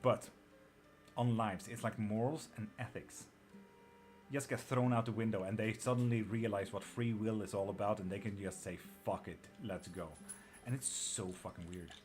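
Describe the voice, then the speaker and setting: A man's voice: fairly low pitch, fairly even intonation, normal speed, a little mellow, soft background music. A man with an Irish-sounding accent and a slight twang, hosting a live tarot stream in casual chat, blunt and swearing freely as he answers viewers.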